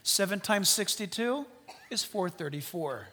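Guy preaching in a big church, fairly high voice, long echo, lively and calls out to the crowd. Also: unhurried. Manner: animated preaching, calls to the congregation, acts out biblical dialogue. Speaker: pastor. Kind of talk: sermon. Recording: long hall reverb.

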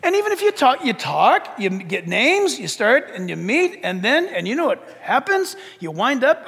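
A man preaching a sermon as pastor, animated, acting out little dialogues and rising to shouts. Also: extremely high pitch, normal speed, creaky, few pauses, husky. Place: church sanctuary. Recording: long reverb of a church hall.

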